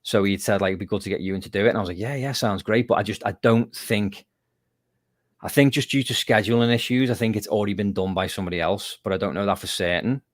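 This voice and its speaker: A man's voice: lowish voice, fast talker, no room sound. A man from the UK, a guest musician telling stories in a casual interview. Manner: animated storyteller, lively and self-mocking.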